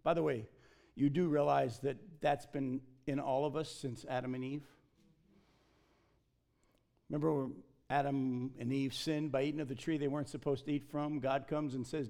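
A man preaching a sermon, emphatic and animated, often acting out the people he quotes. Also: mid-range voice, normal speed, creaky. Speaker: pastor.

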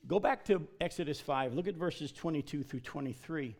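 A man delivers a sermon in a fairly high voice. His delivery is emphatic and animated, and he slips into voicing the figures he quotes. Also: moderate pace. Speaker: pastor.

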